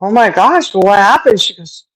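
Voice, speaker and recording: A woman's voice: expressive, normal speed, poor audio. Chatty woman telling a gossip story. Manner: chatty storyteller, laughs often, Southern-style sayings; mimics others with raised pitch. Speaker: podcast co-host. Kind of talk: casual chat.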